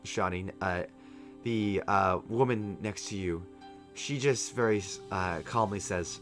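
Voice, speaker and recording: A male game master narrates a tabletop session at a mid pitch, easygoing and peppered with ums. Soft music plays low behind him. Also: slow pace. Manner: relaxed narration with frequent ums.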